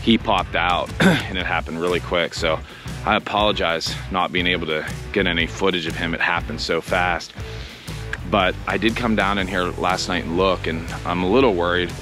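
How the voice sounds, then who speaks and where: A man, a professional hunter, filming himself outdoors in wet woods and narrating in a low, hushed voice with halting restarts. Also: steady tone, music in the background. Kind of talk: self-filmed hunting narration.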